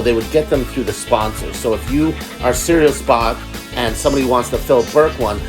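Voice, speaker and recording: Eager, rambling man talking business. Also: medium pitch. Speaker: host. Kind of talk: casual planning chat. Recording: talk over music. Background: music.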